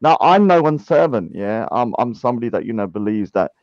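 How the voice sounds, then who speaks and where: A man on a casual online panel, chatty and quick to act offended. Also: mid-range voice, animated, darkish tone, no room sound. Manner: chatty, mock-indignant, defensive. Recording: dull, dry sound.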